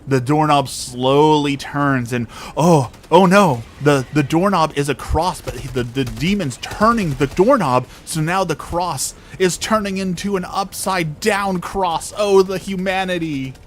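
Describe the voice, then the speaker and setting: A man with a somewhat high voice rants casually to his live stream viewers. He sounds sarcastic and mocking, openly exasperated. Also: measured pace, hardly any pauses, slight background noise. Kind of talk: casual rant to a live audience.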